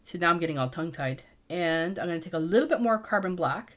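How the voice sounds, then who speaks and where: A woman's voice: fairly low pitch, lively intonation, fast, fairly bright tone. A middle-aged woman teaching a casual painting tutorial, chatty and thinking aloud as she mixes colours.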